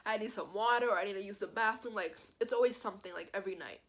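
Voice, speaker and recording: A young woman vlogger telling a personal story in a casual, animated way, filling her speech with "like". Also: mid-range voice, fast talker. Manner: animated, says "like" constantly. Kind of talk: storytime vlog.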